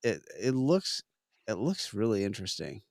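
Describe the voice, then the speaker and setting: A man's voice: fairly low pitch, big pitch swings, normal speed, gravelly, a little mellow, no echo, clean studio sound. A middle-aged man co-hosting a casual chat over drinks, rambling and laughing easily. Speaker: podcast co-host.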